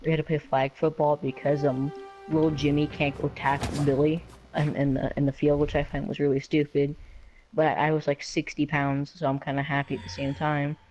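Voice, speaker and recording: A man's voice: a little high, monotone, a little fast, a little mellow, muffled recording, faint music behind. A man casually telling a personal story in a rambling way, filling his talk with lots of "like" and "um". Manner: rambling, filler-heavy with lots of "like" and "um". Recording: noisy home recording.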